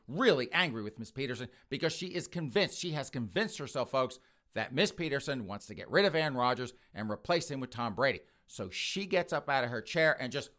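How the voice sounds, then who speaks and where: A podcast host telling a crude comic story in a brash, rambling way. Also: male voice, medium pitch, pushed and bright.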